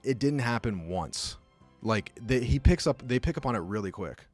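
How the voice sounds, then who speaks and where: A man's voice: mid-range voice, expressive, moderate pace, faint music behind. A young man telling a rambling, casual story full of fillers, talking as a podcast host. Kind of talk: casual chat.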